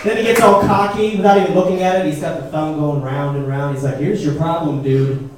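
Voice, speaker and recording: A man's voice: on the high side, little pitch movement, fast talker, recorded from a distance. A man in his thirties doing a punchy stand-up set at a comedy club, asking the crowd questions. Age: 30s. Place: comedy club stage before a laughing crowd. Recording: echoey club recording from afar, loud noise.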